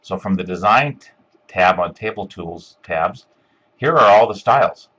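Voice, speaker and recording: A man giving a step-by-step screencast software tutorial, talking casually with lots of ums and uhs. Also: low-pitched, animated, a little slow, husky, muffled recording. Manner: step-by-step, filler-heavy with frequent ums and uhs. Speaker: instructor.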